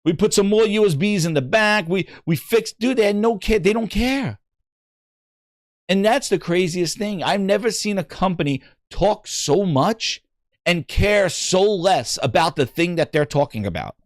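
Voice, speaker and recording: A man hosting a gaming podcast, ranting in casual chat, animated and exasperated, rambling with frequent restarts. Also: high-pitched, normal speed, no echo, studio quality.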